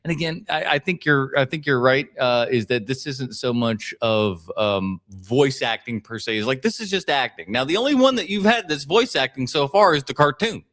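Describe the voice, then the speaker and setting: A man hosting a live podcast stream, chatting casually to his audience. His pitch swings widely as he teases and jumps between thoughts. He stumbles and restarts often, like unscripted live talk. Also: normal speed, few pauses. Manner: animated and teasing, many restarts. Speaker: podcast host reacting to clips.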